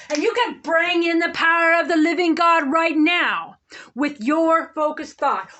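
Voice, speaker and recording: A woman's voice: high-pitched, a bit bright. A woman talking to camera in a rambling spiritual monologue, blunt and swearing freely, sometimes acting out the people she quotes. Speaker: spiritual vlogger.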